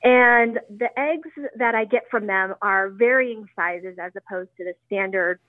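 Penelepon wanita dari Ohio lewat telepon. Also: female voice, mid-range voice, a little slow, no echo. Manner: friendly, laughs lightly. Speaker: caller. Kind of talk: call-in question. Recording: tinny phone line.

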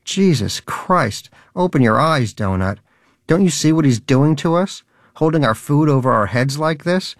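A man's voice: on the high side, lively intonation, measured pace, no echo, studio quality, pitched above the performer's own voice. A man voicing a cynical, smug male hamster in an audiobook, mocking and scornful.

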